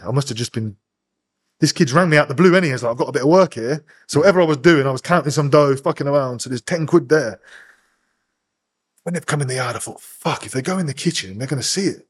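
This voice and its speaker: Fast-talking, swearing English man. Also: medium pitch. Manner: swears constantly, rapid animated storytelling, acts out voices. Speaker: podcast guest. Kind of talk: casual storytelling interview.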